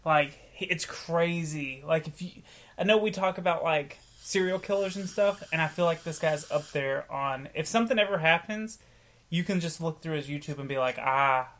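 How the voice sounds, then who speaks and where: A man co-hosting a casual podcast chat, telling a story with lively acted-out quotes. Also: a little high, moderate pace. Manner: animated storytelling, acts out quotes. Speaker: podcast co-host.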